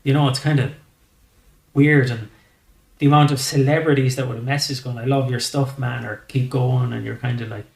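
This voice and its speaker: An Irish man chats as a podcast guest, rambling loosely through his stories and swearing freely. His voice sits at an ordinary pitch. The room around him rings with echo. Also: steady tone, moderate pace, creaky. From Ireland. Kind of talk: casual chat.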